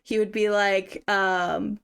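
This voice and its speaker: A woman co-hosting a casual chat about a horror game, relaxed, laughing along and reading out chat. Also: medium pitch, slow, creaky, clean tone. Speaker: co-host.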